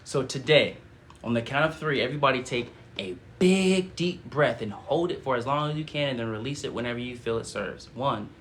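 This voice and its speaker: A man voicing a calm male spirit guide in a slow, soft, hushed way as he leads a breathing prayer. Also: mid-range voice, slight background noise, lightly acted. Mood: serene.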